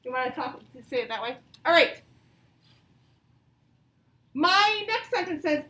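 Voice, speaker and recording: High-voiced teacher in an echoey room. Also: female voice, very animated, pushed and bright, far from the mic. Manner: slow, exaggerated reading of example sentences. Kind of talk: online grammar lesson for young children.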